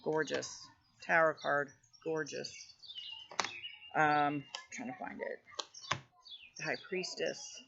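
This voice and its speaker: A woman hosts her own channel in a loose, rambling vlog chat full of fillers, recorded outdoors. Her voice has a gravelly, fry-edged texture. The audio is dull and lo-fi, with faint birdsong behind her. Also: low-pitched, takes it slowly, background noise. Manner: rambling, chatty, many fillers. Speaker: tarot channel host. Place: outdoors near her house.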